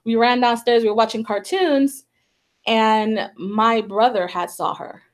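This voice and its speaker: Speaking at a measured pace in a slightly high voice, a psychic medium hosting a talk show recounts a personal story. She's chatty and full of fillers, heavy on "like" and "you know," and acts out the voices of people she quotes.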